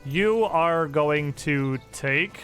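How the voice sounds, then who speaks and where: A man's voice: fairly high pitch, drawn-out words, a bit bright, faint music behind. A man running a tabletop game as game master, narrating loosely with frequent laughs and swearing.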